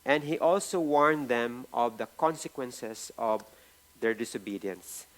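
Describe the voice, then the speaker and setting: A man's voice: medium pitch, a little slow. A man with a Filipino accent preaching a sermon, repeating key phrases for emphasis and often checking in with the congregation. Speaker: pastor.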